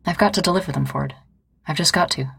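A woman's voice: deep voice, fast talker, gravelly, a bit bright, husky, no echo, full character voice. A woman reading the part of a stubborn wounded young woman mail carrier, speaking with determination. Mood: insistent.

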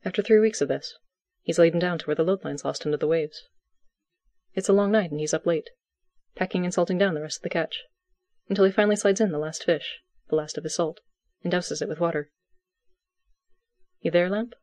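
Calm, dry storybook narrator. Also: medium pitch, dry recording. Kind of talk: audiobook fiction reading.

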